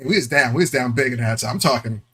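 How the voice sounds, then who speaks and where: A man co-hosting a podcast, telling animated stories full of slang and laughter in casual chat. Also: mid-range voice, fast, breathy edge. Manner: animated storyteller, acts out quotes with laughs; slangy, repeats "you know what I'm saying". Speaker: podcast co-host.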